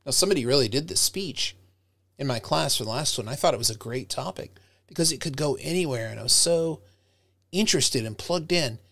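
A middle-aged man, a professor, giving an animated, direct lecture on public speaking to his students, recorded close to a webcam mic. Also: medium pitch, a little fast, creaky, no echo. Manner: animated, direct, demonstrates tones by acting them out.

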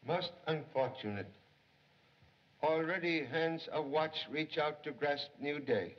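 A composed, sage detective in an old film, his voice sitting a little high. He speaks in terse, clipped sayings that drop the small words. The sound is dull and lo-fi, like a 1930s soundtrack. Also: slow pace, a little hiss or hum. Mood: polite. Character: calm, wise middle-aged male detective.

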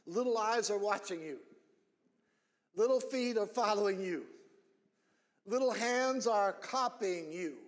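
A middle-aged man preaching a sermon as pastor, earnest, repeating phrases and building up to shouted emphasis. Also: sits high, long reverb tail. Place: church sanctuary.

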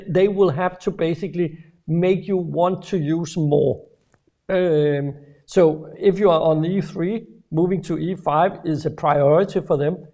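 A man's voice: on the high side, dark tone. A man co-hosting a business webinar over a video call, talking with many restarts and fillers. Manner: halting, many restarts, laughs easily. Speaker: webinar co-host.

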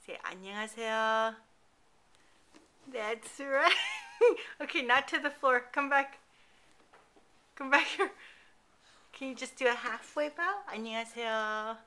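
High, bright, slow-talking mother. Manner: sing-song, encouraging, praising. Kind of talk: playful baby talk with a toddler. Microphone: built-in camcorder mic.

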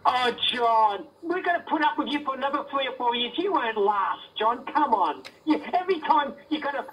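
High-voiced taunting man caller. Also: lively intonation, fairly quick, a bit bright. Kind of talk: talk radio call. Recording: distant radio recording with faint noise.

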